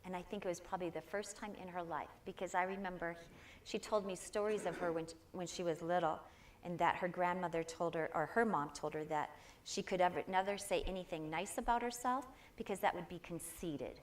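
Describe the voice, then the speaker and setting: A woman's voice: fairly low pitch, steady tone, fairly quick, a little hiss or hum. Older woman telling personal stories. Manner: personal storytelling, warm and earnest, with quoted voices. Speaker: guest speaker. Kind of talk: inspirational talk to a congregation.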